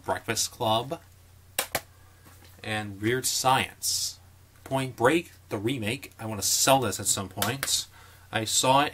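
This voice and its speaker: Chatty young man with a bright voice. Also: medium pitch. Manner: chatty, jokey asides and quick opinions. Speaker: collector showing his movie collection. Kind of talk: casual vlog commentary.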